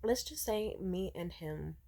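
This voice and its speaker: A young woman vlogging a candid personal update, rambling with lots of fillers and swearing, jumping from loud outbursts to hushed asides. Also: lowish voice, expressive, unhurried, creaky. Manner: swings between loud outbursts and hushed, near-whispered asides.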